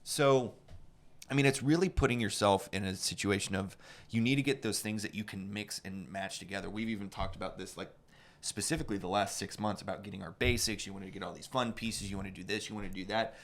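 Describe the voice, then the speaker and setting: A man's voice: lowish voice, fairly even intonation, fast. A man co-hosting a menswear podcast, chatting casually with lots of fillers and restarts. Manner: rambling, many fillers and restarts. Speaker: podcast co-host; menswear salesman. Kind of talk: casual chat.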